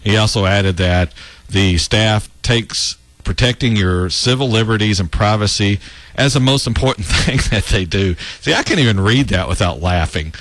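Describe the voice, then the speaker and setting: A low-voiced man hosts a talk show and runs through political commentary with open sarcasm, laughing at his own lines. His voice sits deep in the chest. The recording is dry, with no room sound. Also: moderate pace, fairly bright tone, no room sound. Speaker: radio talk show host.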